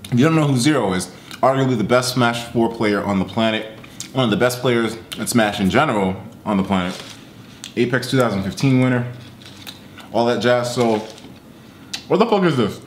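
A man casually reacting to a video, swearing and breaking into loud laughing outbursts. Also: mid-range voice, expressive, moderate pace, long pauses, roomy sound, a little hiss or hum. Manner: talks with his mouth full at the start.

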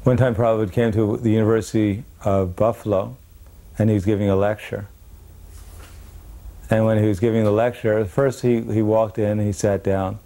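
A man with a lowish voice and a dark, mellow tone recounts a story from memory. He brings the people in it to life by acting out their lines. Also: flat delivery, moderate pace. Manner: acts out the quoted voices in his story. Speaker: devotee recalling memories. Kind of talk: anecdotal storytelling.

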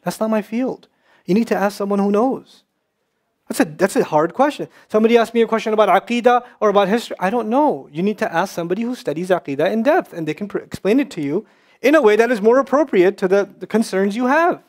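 A man's voice: high-pitched, darkish tone. A man giving a religious lecture to an audience, impassioned and emphatic, repeating points and rising to scolding. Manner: quick, emphatic repetitions. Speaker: Islamic speaker.

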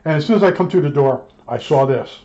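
A man tells a casual, rambling story about his work as an electronics technician, slipping into the back-and-forth of old arguments. His voice sits a touch high for a man. The recording sounds dull and lo-fi. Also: lively intonation, quick pace, mellow. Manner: rambling, acts out both sides of old arguments.

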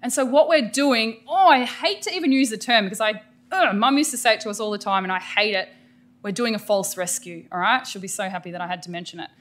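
A middle-aged Australian woman gives an energetic, emphatic professional development lecture to teachers. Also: mid-range voice, quick pace. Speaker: teacher educator presenting a workshop.

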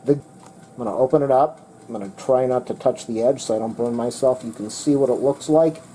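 A man's voice: mid-range voice, fairly quick, warm tone, a little hiss or hum, low-quality recording. A man in his home kitchen giving a casual, methodical product review while he demonstrates the appliance. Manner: plain, methodical, talks while demonstrating and eating.

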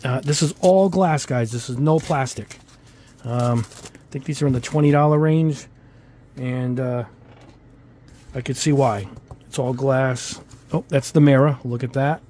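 A man's voice: medium pitch, unhurried, pauses often, mellow, a little hiss or hum. A man with a New England accent tinged with Italian-American speech, giving a rambling, casual product review at his hobby bench. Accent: New England with Italian-American touches. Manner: rambling, filler-heavy, chatty asides. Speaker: hobby model-kit YouTuber.

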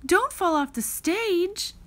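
A woman's voice: extremely high pitch, animated, takes it slowly, slight background noise, voice pushed up, exaggerated voice. Woman as a kindly storybook schoolteacher. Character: kindly school teacher woman directing a class play.

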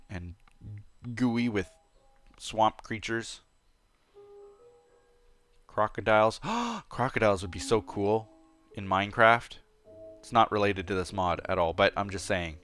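A chatty man talks through a video game in an easygoing let's-play style. His voice sits a little low, and he sounds playful, eager and quick to get excited. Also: clean tone, soft background music. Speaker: gameplay commentator. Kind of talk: casual let's-play commentary.

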